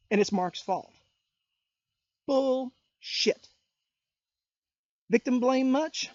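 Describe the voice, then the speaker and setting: A man's voice: high-pitched, a little mellow, dull audio. A man ranting on his vlog, indignant, calling people out by name and firing rhetorical questions at them. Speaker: YouTuber. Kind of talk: political rant vlog.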